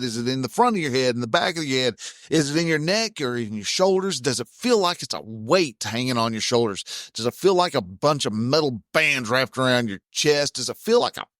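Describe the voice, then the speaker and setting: A man's voice: on the high side, a bit bright, dry recording. Guy talking self-help, folksy, swears a bit, dead dry sound. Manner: plainspoken, folksy, mild cursing. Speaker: self-help podcast host. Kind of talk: casual motivational talk.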